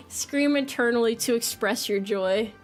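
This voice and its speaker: High-pitched american streamer girl, giggly, reads chat out, kinda slow, faint music. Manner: giggly, self-mocking, reads chat aloud. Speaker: livestreamer. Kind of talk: casual chat with viewers.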